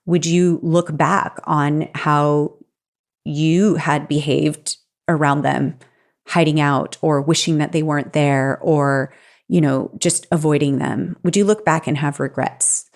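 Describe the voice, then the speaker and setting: Woman, low voice, podcast host, solo advice talk, earnest, encouraging, conversational. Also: steady tone, slow pace. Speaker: stepparent.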